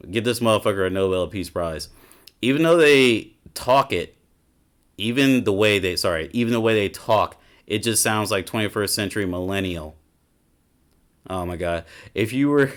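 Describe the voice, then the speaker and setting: A man doing a casual reaction commentary as a gaming YouTuber, ranting and swearing in an exasperated way. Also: lowish voice.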